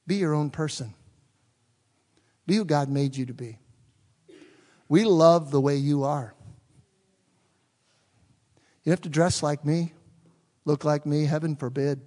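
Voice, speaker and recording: A man's voice: fairly high pitch, a little mellow. A man preaching a sermon as pastor in a church, talking conversationally and putting questions to the congregation. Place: church sanctuary. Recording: long reverb of a large hall.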